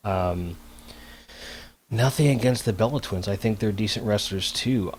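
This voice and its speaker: A man's voice: on the low side, a little slow, a little hiss or hum. A man co-hosting a casual podcast, blunt and opinionated, swearing freely. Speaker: podcast co-host. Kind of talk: casual chat.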